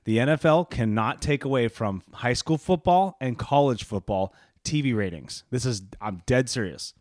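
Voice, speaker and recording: A man co-hosting a laid-back podcast, teasing his buddy and laughing a lot. His pitch swings widely as he tells stories. The mic is close and dry, with no room sound. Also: lively intonation, normal speed, darkish tone, no room sound. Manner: joking, laughs often, teasing. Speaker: podcast co-host. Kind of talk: casual chat.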